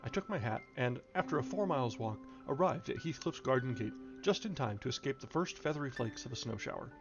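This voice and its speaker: Casting: male stream reader, measured delivery with small stumbles, slightly dull lo-fi audio. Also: medium pitch, expressive, over music. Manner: measured reading with occasional stumbles and restarts. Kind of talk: reading a classic novel aloud on a stream.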